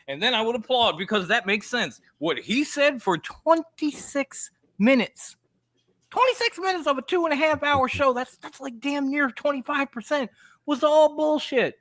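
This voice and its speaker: A man's voice: very high-pitched, expressive, moderate pace, fairly bright tone. A man co-hosting a wrestling podcast, ranting with lots of cursing and mock voices in a casual debate. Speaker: podcast co-host. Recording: online stream.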